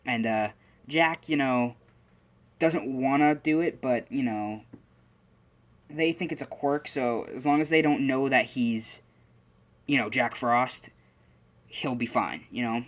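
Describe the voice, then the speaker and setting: A man's voice: medium pitch, slow, pauses often. A man casually retelling a story idea in a rambling way, full of fillers and restarts.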